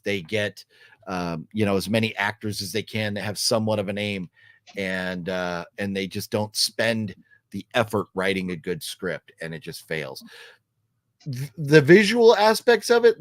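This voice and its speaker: A man's voice: fairly low pitch, no echo, studio quality. A middle-aged man hosting a casual vlog, talking through his opinions in a rambling way, with lots of ums and restarts. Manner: acts out quoted lines while telling a story. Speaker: vlog host reviewing a horror movie trailer.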